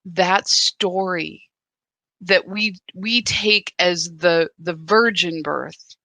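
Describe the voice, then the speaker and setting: A woman's voice: lowish voice, drawn-out words, bright, forceful tone, no echo. A woman hosting a live spiritual practice, talking candidly and emotionally into her phone, often stopping and restarting her thoughts. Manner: emotional, searching, many restarts. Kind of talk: candid live-stream talk.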